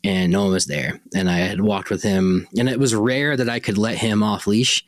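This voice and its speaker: Low-voiced man telling a rambling story. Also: steady tone, moderate pace, dry recording. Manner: rambling, conversational, self-correcting. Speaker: podcast host. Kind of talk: casual personal storytelling.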